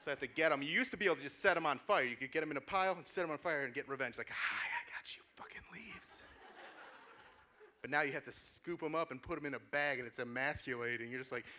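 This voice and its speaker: A male comedian works a small club crowd in a dry, sardonic stand-up style that breaks now and then into shouted rants. His voice sits a touch high and bright, with a forceful edge. A faint hum of the room stays under the mic. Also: rapid-fire, hardly any pauses. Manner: sardonic, deadpan asides with sudden shouted outbursts. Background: small audience laughing.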